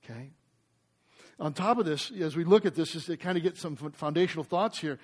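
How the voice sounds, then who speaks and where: Man, high voice, pastor, sermon, animated storytelling, quotes scripture. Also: slightly rough. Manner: animated storytelling, then teaching; quotes scripture, quick asides.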